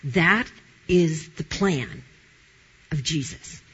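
A husky, low female voice comes through very slowly on lo-fi sound. The speaker is a middle-aged talk show guest who candidly relates her Christian testimony with animation and plenty of laughs.

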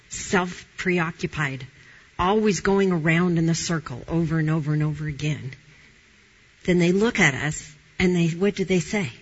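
With a voice on the low side and a breathy edge, a middle-aged woman gives a candid Christian testimony as a talk show guest. Her storytelling is animated and punctuated by frequent laughter, and the highs in the audio are cut off.

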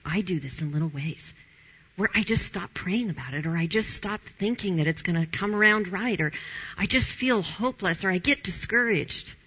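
A woman's voice: lowish voice, expressive, normal speed, pushed and bright, slightly rough, lo-fi sound. A woman giving a conversational Bible teaching in an informal, emphatic way, repeating her key phrases.

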